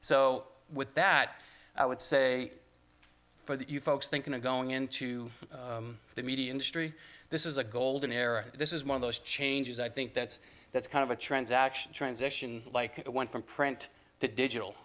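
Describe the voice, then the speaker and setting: An older man speaks to a room of students at a moderate pitch. His stories are conversational and wander, broken up with restarts and side remarks. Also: fairly even intonation, moderate pace, fairly bright tone. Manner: conversational storytelling, with restarts and asides. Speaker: guest speaker. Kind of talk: talk to students.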